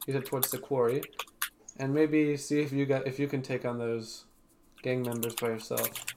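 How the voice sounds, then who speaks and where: Young male player, mid pitch, musing questions, faint noise. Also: level tone, normal speed. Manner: thoughtful, asks questions, musing. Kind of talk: casual tabletop game chat.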